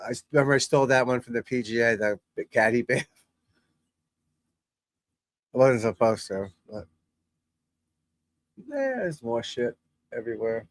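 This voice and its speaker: A man's voice: mid-range voice, sing-song, unhurried, long pauses, no echo. A middle-aged man, a golf instructor, chatting casually and bluntly while watching golf on TV, rambling and swearing freely. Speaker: golf instructor and channel host.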